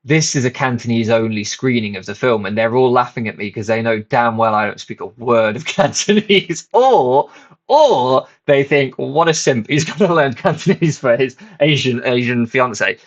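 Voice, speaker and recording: A man's voice: mid-range voice, expressive, normal speed, dull audio. A man and channel host casually telling a rambling, self-mocking story, swearing freely.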